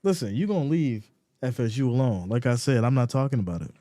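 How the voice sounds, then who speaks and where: A man hosting a casual sports live stream, reading viewer comments aloud and answering them in an animated, mock-exasperated way. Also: medium pitch, fast, slight background noise.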